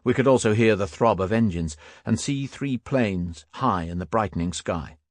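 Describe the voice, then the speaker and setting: A man narrating a first-person war memoir audiobook in a steady, grave manner. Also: lowish voice, moderate pace, no echo, clean studio sound.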